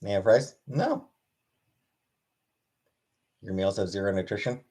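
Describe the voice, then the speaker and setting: Reading and answering his live chat, a man greets viewers by name in turn and tosses off dry replies. He speaks quickly in a low, mellow voice with fairly even intonation, keeping things relaxed.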